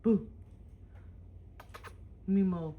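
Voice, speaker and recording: A woman's voice: mid-range voice, drawn-out words, narrow, tinny audio. Lady chatting at home to her cats, cooing a lot, takes her time. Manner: coos and baby-talks at her cats. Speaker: vlogger. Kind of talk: casual chat. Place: home, indoors.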